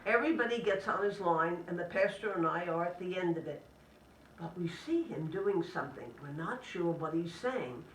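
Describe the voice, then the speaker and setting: A woman, a Catholic sister, giving an inspirational talk to a live audience in gentle, measured phrases. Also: lowish voice, expressive, slight background noise. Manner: gentle, measured delivery in short list-like phrases. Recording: echoey room, speaker distant from the mic.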